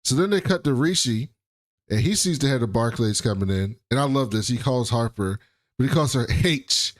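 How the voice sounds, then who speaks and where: A man co-hosting a casual podcast, recapping a TV episode in an animated, slangy way. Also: mid-range voice, brisk. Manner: animated, acts out characters, slangy. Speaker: podcast co-host.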